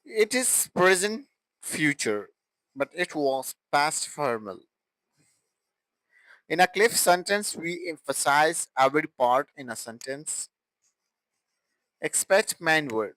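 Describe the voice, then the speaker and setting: Man, grammar lesson, slow halting explanation, raised pitch. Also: very animated, fairly bright tone, no room sound, low-quality recording. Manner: halting, with restarts and broken phrasing. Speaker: English grammar teacher.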